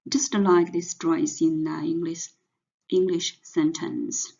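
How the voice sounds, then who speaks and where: A native Chinese woman with a Mandarin accent teaches a language lesson, pausing often on fillers as she gropes for English words. Her slow, gravelly voice sits somewhat low. The audio sounds dull and lo-fi. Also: level tone, a little mellow. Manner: slow, hesitant, many fillers.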